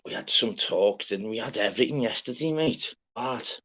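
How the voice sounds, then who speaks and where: A man hosting a live stream, giving rambling, swear-filled shout-outs to listeners in a casual chat. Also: on the low side, lively intonation, moderate pace. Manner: chatty, swears freely, rambling. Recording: dull lo-fi sound.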